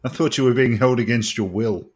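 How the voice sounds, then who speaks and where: A man's voice: mid-range voice, a little fast, slightly rough. A man co-hosting a casual gaming podcast, dry and teasing. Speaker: podcast co-host.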